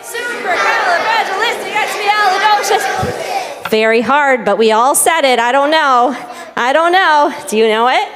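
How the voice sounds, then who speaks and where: A tiny fretful bird, put on by a woman, chattering in a high, fussing voice. She frets and exclaims breathlessly. The sound carries a long sanctuary reverb. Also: animated, measured pace, over a noisy crowd, heavy background noise. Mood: flustered. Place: synagogue sanctuary.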